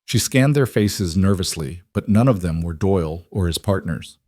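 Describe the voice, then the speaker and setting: Low-voiced male story narrator. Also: lively intonation, moderate pace, darkish tone, dry recording, studio quality. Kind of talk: scripted audiobook narration.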